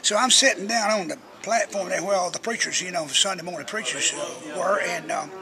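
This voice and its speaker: A man's voice: high voice, a little fast, bright, forceful tone. An older man, a radio personality telling rambling, folksy stories as an interview guest. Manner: folksy, chatty storyteller who acts out quotes.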